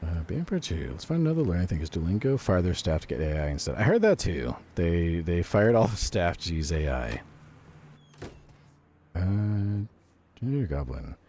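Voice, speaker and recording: A man's voice: low-pitched, very animated, normal speed, warm tone, slight background noise. A male streamer chatting casually while playing a game, laughing often and swearing freely. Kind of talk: casual gaming commentary.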